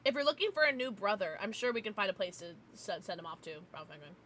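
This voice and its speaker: A young American woman chats on a livestream, her voice bright and forceful. She rants animatedly and laughs often. A faint noise sits under the recording. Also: medium pitch, quick pace. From United States. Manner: animated, ranting, laughing often, talks to pets. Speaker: streamer. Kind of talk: casual livestream chat with viewers.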